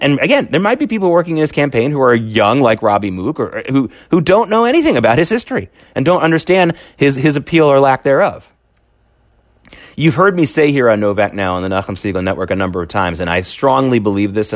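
A man's voice: on the low side, no room sound, clean studio sound. A man hosting his own political talk show, talking emphatically with frequent restarts and repeated words. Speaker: podcast host. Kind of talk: solo political commentary.

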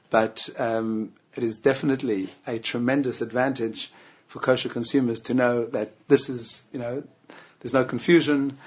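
A man's voice: medium pitch, breathy edge, dull audio. A man with a South African accent, a rabbinic administrator answering interview questions earnestly, with many "you know"s and "um"s.

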